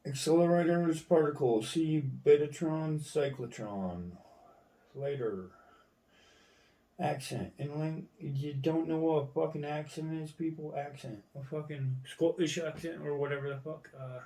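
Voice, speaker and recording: Gravelly man reading an encyclopedia aloud. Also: a little high, normal speed, dark tone. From United States. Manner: reads entries aloud, skips parts, swears in asides. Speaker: reader going through an encyclopedia. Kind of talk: casual reading aloud with asides. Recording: echoey room, mic at a distance.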